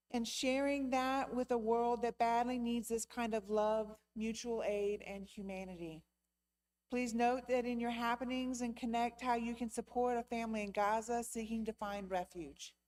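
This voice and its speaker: Church treasurer, woman, slightly high voice, measured and welcoming announcements. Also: darkish tone, low-quality recording. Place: church sanctuary during a service.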